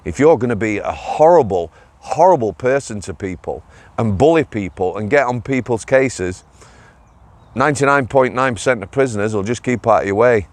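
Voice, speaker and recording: A man's voice: medium pitch, lively intonation, moderate pace, dry recording. A middle-aged man with a Greater Manchester accent, a former prison officer telling blunt, chatty stories on his own channel. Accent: Northern English, Greater Manchester. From England. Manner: blunt, chatty, drops in local dialect words. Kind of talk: casual storytelling vlog.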